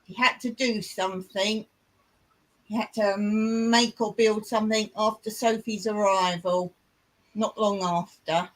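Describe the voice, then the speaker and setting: A woman's voice: medium pitch, steady tone, unhurried, poor audio. A woman from England with an English accent, co-hosting a casual livestream trivia chat in a teasing, giggly way. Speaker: livestream co-host.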